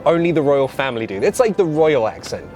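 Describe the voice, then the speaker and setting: A woman's voice: low-pitched, sing-song, fast talker, mellow, soft background music. A woman with a London accent, chatting casually as a guest and demonstrating ways of pronouncing English. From London, England. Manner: explains pronunciation and demonstrates accents. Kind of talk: casual chat.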